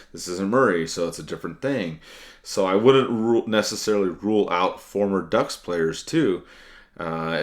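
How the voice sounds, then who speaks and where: A man co-hosting a sports podcast, thinking aloud with many fillers and restarts and some dry sarcasm. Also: sits low. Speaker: podcast co-host. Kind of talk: casual sports talk.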